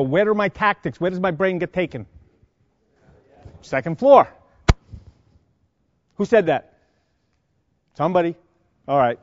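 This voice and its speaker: New york guy lecturing a room of firefighters, throws questions at them, pretty high voice, dead dry audio. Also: no echo. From Long Island, New York. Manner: quizzing the audience with rapid questions. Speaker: fire service instructor. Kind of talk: classroom lecture. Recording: dry, dull lo-fi sound.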